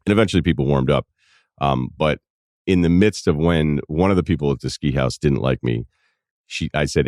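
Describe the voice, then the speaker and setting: Podcast host, male, around 40s, very low voice, dry close studio sound, deadpan humor while reading listener mail. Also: brisk, dry recording. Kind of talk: casual advice podcast talk, reading listener emails.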